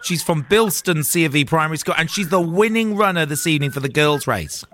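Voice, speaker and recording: Bright, enthusiastic radio host man. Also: a little high, expressive, fairly quick, a little hiss or hum. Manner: enthusiastic, exclamatory, chatty. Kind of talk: community radio presenting. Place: school radio studio.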